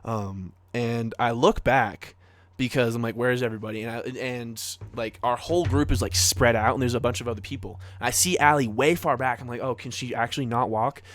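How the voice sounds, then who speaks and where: A man's voice: mid-range voice, fairly quick, fairly bright tone, no room sound. A young man co-hosting a podcast, telling a story in a casual, rambling way full of fillers and acted-out quotes. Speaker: podcast co-host.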